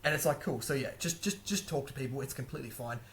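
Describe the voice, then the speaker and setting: A young man talks quickly and loosely to his camera, giving language-learning tips in an easy, chatty way. He laughs now and then and corrects himself mid-sentence. A faint hum of room noise sits underneath. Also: medium pitch, a bit bright. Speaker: language-learning video host. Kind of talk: casual talk to camera.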